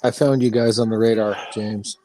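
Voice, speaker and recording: A man's voice: lowish voice, steady tone, normal speed, warm tone, slight background noise. A man chatting casually on a live stream, easygoing and joking. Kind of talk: casual chat.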